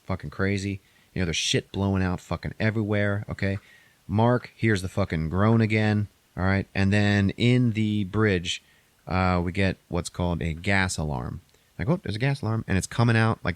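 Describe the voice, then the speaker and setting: A man's voice: deep voice, moderate pace, dry recording. A man casually recapping a movie on a podcast, rambling and profane, acting out characters' lines in a raised voice.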